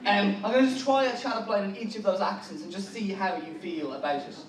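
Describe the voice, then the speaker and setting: A man's voice: high-pitched, quick pace. An Irish man doing a stand-up comedy set at a conference, making wry asides and interrupting himself mid-sentence. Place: conference hall with a live audience. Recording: echoey hall, mic at a distance.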